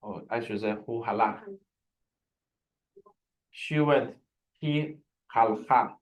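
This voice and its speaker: A man of average pitch guides students through a language lesson on a video call. He explains slowly and patiently, often stopping to restart a sentence. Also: poor audio. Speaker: Hebrew teacher.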